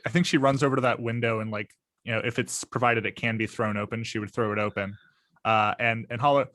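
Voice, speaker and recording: A man taking his turn in a tabletop game, describing his character thoughtfully between frequent fillers. His voice is bright and a little tense, recorded with a dry, close sound. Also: medium pitch, steady tone, fast, dry recording. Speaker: player.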